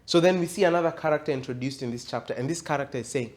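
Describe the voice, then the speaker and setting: A man's voice: fairly high pitch, very fast, darkish tone. A male pastor giving an interactive Bible teaching, reading scripture aloud and quizzing his audience in a conversational way that rises to emphatic.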